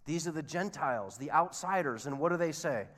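A man's voice: fairly high pitch, brisk. Man preaching in a reverberant hall. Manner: expressive storytelling, acting out the sailors' voices. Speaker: pastor. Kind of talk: sermon.

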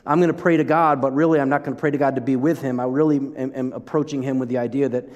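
A man preaching a sermon as pastor, conversational and animated, often breaking off and restarting his sentences. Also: mid-range voice, fast talker, in a large hall. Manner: conversational, animated, self-interrupting.

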